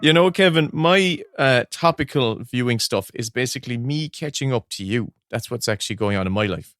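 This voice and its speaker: A man's voice: medium pitch, lively intonation, fairly quick, fairly bright tone, no room sound. An Irish man co-hosting a podcast, talking in a rambling, casual way and laughing often. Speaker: podcast co-host. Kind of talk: casual chat.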